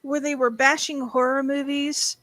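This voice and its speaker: A woman's voice: sits high, little pitch movement, moderate pace, a bit bright, dry recording. A woman hosting a casual podcast chat, talking freely and reading notes aloud. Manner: chatty, reads aloud and hums while searching. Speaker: podcast host.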